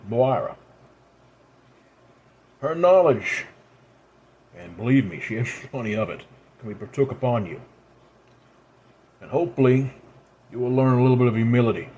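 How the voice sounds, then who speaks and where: A man's voice: mid-range voice, darkish tone, natural voice. A man voicing an ancient, proud red-haired immortal woman who speaks in a commanding, scolding way.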